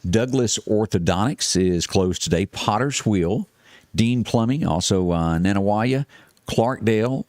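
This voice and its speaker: A man's voice: fairly low pitch, a little slow, dry recording, studio quality. A man with a Mississippi Southern accent hosting a morning show, chatting casually and reading weather and closings with many fillers and restarts. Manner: reads long lists in a steady, even run. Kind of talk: casual on-air chat and weather report.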